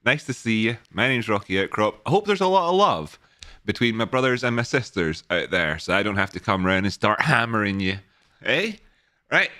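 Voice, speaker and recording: A playful man hosting a casual live stream, rambling and joking as he goes. His voice is bright and forward, and his pitch sits in the middle range for a man. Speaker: host of a live trading stream.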